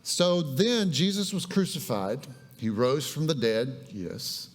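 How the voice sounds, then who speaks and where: A man's voice: mid-range voice, very animated, slow, in a large hall, faint music behind. A man preaching a conversational, humorous sermon in a church. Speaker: pastor. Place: church sanctuary.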